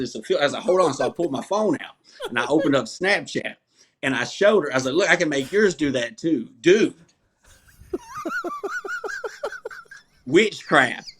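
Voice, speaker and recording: A man, a comedian guest, telling stories in a casual, animated, profane way and laughing often. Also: mid-range voice. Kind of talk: casual storytelling interview.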